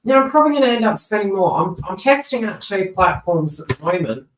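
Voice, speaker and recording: A woman's voice: medium pitch, very animated, fairly quick. A woman chats her way through a live-streamed tarot reading, rambling from one aside to the next and often restarting her sentences. Her voice sits away from the microphone, so it sounds roomy and distant. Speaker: tarot reader.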